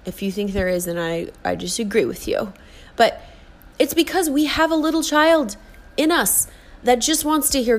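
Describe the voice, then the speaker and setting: A woman's voice: on the high side, animated, normal speed. An earnest woman in her forties talks straight to the listener about self-worth. She coaxes and encourages, and slips into little acted voices to show how we speak to ourselves. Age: 40s. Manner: earnest, coaxing, acts out inner voices. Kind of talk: motivational monologue.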